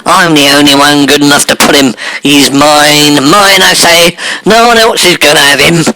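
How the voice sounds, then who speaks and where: A man's voice: fairly high pitch, moderate pace, bright, forceful tone, low-quality recording. A man playing a camp, prissy bell-ringer in a comic radio-style pastiche, with nasal, swooping exclamations. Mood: possessive.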